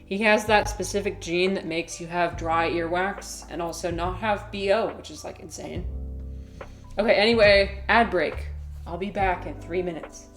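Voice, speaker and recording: Woman, casual stream chat, giggly, rambling, slightly low pitch, roomy echo. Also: normal speed, soft background music. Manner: giggly and rambling with many fillers. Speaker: live streamer.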